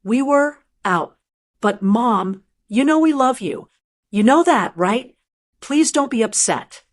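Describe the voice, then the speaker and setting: A woman reading the lines of an anxious adult son who rambles and pleads, a little higher than her narrating voice. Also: animated, slow pace.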